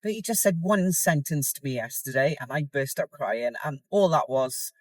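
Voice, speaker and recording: A woman's voice: low voice, lively intonation, moderate pace, no room sound, low-quality recording. A middle-aged woman, talking candidly in a casual vlog while she goes about her day. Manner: rambling and candid, soft and tired at times. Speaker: competitor vlogging her contest prep. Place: in a car.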